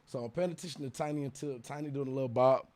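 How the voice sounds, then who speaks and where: A young man, a guest musician, telling an animated story in a casual interview, full of profane street slang. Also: mid-range voice, rapid-fire, no echo.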